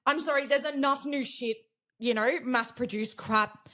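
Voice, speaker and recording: A twentysomething Australian woman co-hosts a podcast, chatting casually in a slightly high, bright, pushed voice at a moderate pace. She's blunt, swears freely, and laughs a lot.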